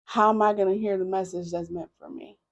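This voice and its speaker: A woman tarot reader speaking slowly and candidly in a reflective personal monologue, often checking in with "right?". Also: medium pitch, steady tone, gravelly, dull audio. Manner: slow, candid, conversational with frequent "right?".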